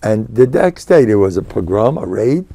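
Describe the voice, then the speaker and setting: An older American rabbi gives a Torah lecture in a rambling, storytelling way, sprinkling in Yiddish and Hebrew words. His voice is gravelly and mellow, and it swings widely in pitch. The sound is close and dry. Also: moderate pace, no room sound. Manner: digressive, animated storytelling with Yiddish and Hebrew terms. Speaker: rabbi and spiritual mentor.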